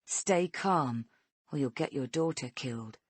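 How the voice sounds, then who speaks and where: A woman voicing a bitter female kidnapper who speaks low, slow and softly threatening. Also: lively intonation, breathy edge, dry recording, exaggerated voice. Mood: menacing.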